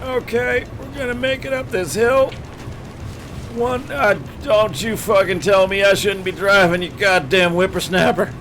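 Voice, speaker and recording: A man's voice: high voice, steady tone, measured pace, fairly bright tone, slight background noise, pitched above the performer's own voice. A man voicing a boastful, crude old geezer who grumbles and swears while playing a game on a livestream. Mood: grumpy. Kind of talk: livestream gaming banter.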